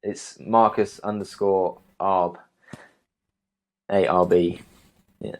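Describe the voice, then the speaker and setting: A young man, a guest arborist, answering interview questions in a relaxed way with many ums and restarts. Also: deep voice, slow.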